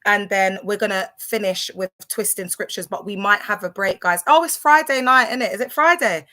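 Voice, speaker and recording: A woman's voice: mid-range voice, moderate pace, bright, forceful tone. A woman, chatting casually on a phone livestream, rambling with lots of fillers and talking straight to her viewers. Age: 30s. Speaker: livestream host. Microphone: phone camera on a social media livestream.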